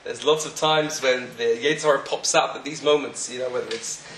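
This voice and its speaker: A man telling a story in a sermon, animated, acting out the voices of the people in it. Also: mid-range voice, brisk, a little hiss or hum. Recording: echoey room, faint ambience.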